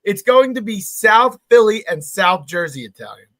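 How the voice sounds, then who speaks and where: A man co-hosting a podcast, chatting casually, energetic and full of questions. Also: high voice, normal speed. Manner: energetic, inquisitive. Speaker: podcast co-host. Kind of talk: casual chat.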